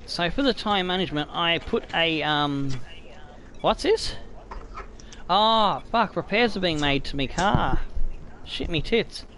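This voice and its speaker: Excitable swearing Australian gamer. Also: male voice, on the high side, slow, long pauses, slight background noise, poor audio. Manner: excitable, swears a lot, yelps at scares. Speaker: streamer. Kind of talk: casual gameplay commentary.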